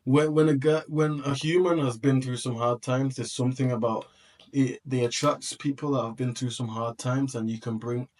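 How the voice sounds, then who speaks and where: A man's voice: medium pitch, fairly even intonation, normal speed, a little mellow. Reflective reaction host, heartfelt, repeats himself as he thinks aloud.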